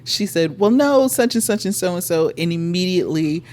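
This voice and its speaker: Lower-pitched woman telling a story, animated. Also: normal speed. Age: middle-aged. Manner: animated storyteller, acts out quotes, laughs often, swears. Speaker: podcast co-host. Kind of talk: casual chat, storytelling.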